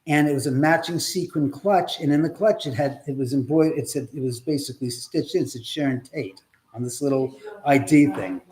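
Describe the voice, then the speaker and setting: A man with a somewhat high voice hosts a live stream from his own house. He tells his story in a loose, chatty way, slipping into the voices of the people he quotes and swearing casually as he goes. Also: darkish tone.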